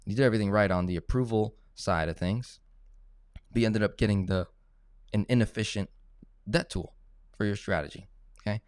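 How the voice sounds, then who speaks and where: A man's voice: fairly low pitch, fairly quick, long pauses, a little mellow, clear, resonant tone, dry recording, clean studio sound. A man teaching personal finance in a casual coaching tone, often checking in with "right?" and "okay?". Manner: coaching, tag questions like "right?" and "okay?", acts out phone calls. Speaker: finance educator.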